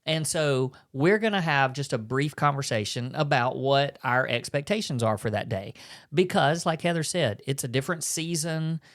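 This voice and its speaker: A man's voice: mid-range voice, a bit bright. A man, co-hosting a casual marriage podcast, affirming often and restarting his sentences. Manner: affirming, frequent "mm-hmm", halting restarts. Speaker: podcast co-host.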